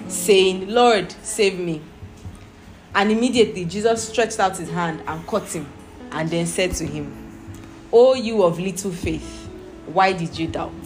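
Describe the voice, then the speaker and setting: A woman teaching a Bible study, reading scripture aloud and explaining it patiently, asking her listeners questions. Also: on the low side.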